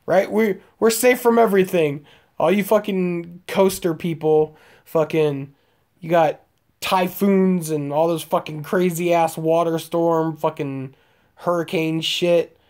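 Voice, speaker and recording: Taking it slowly, a man with a fairly high, slightly mellow voice and fairly even intonation tells crude, wandering stories. He's in his late twenties, from Omaha, Nebraska, United States, chatting casually on a live stream, with plenty of swearing, fillers and laughs.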